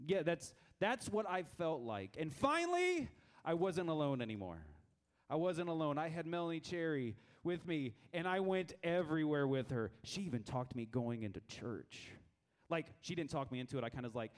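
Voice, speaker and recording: A man in his thirties telling funny stories to a youth group, animated and self-mocking, with many stammered restarts. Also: fairly high pitch, normal speed. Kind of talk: lively storytelling talk to a youth group.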